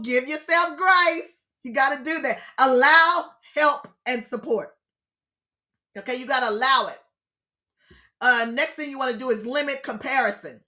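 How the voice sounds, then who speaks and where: Bright, exclaiming woman counselor. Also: sits high. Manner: expressive, preacher-like, exclaims and repeats key phrases. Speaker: grief counselor leading an online session. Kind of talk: lively teaching talk to an online group.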